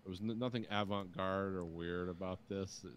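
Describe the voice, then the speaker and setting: Low-voiced wry man chatting on a podcast. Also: fairly even intonation, moderate pace, clear, resonant tone, no room sound. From United States. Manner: dry, wry asides. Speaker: podcast co-host. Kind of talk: casual chat.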